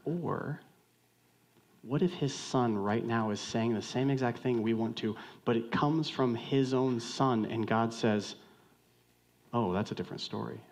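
A man preaching a sermon, animated, acting out short dialogues with jumps in pitch. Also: a little slow, hardly any pauses. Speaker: pastor.

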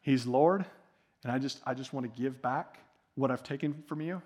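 A man voicing a repentant former tax collector in a sermon retelling, speaking softly and haltingly. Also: medium pitch, pitched below the performer's own voice, natural voice. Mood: earnest.

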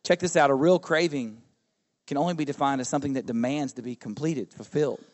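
A middle-aged man, a pastor preaching a sermon in a relaxed, conversational way, often asking the congregation questions. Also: mid-range voice, fairly quick. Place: church service.

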